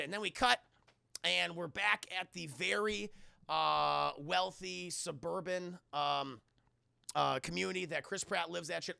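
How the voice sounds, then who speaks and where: A man in his thirties giving a crude, animated film recap as a streamer who talks to his chat. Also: fairly high pitch, brisk, vocal fry, no echo.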